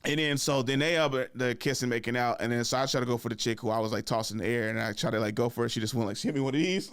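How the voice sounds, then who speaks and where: A man in his thirties tells a story on his own podcast, loose and chatty, breaking into laughs and tagging his sentences with "right?". His voice sits in an ordinary middle pitch. The sound is dry and close, with no room echo. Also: steady tone, very fast, few pauses, smooth. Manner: laughs often, fills with "like" and "right?". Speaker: podcast host. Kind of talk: casual storytelling.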